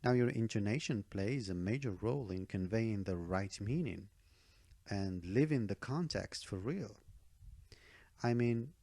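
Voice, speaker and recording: Male test-prep teacher, low gravelly voice, emphatic, keeps checking in with the viewer. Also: animated, unhurried, dark tone, no room sound, studio quality. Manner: emphatic, checks in with "okay?" and "all right?"; repeats key advice for emphasis. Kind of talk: online speaking-test tutorial.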